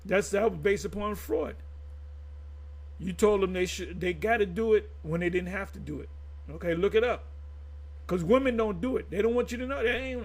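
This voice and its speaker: A man reading scripture aloud in halting bits, then breaking into loose ranting commentary full of restarts and stumbles. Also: sits high, expressive.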